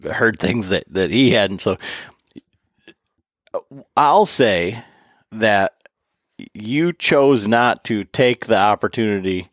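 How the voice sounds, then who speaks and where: A man's voice: lowish voice, takes it slowly, long pauses, no echo, clean studio sound. A man hosting a casual hunting podcast, telling stories with lots of laughter and acting out what others said. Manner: animated, laughing storyteller who acts out others' lines. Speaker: podcast host.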